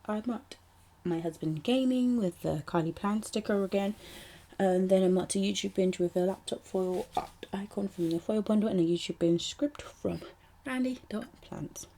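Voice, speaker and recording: Soft-spoken young British woman, mellow and breathy. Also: mid-range voice, moderate pace. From United Kingdom. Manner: rambling, chatty, with many ums and asides. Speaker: planner vlogger. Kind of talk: casual voice-over narration.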